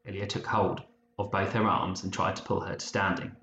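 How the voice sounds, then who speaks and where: A man reads an audiobook in a low, measured voice with even storytelling. The recording sounds dull and roomy, with a faint hiss behind it. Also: vocal fry. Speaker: narrator. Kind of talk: audiobook narration.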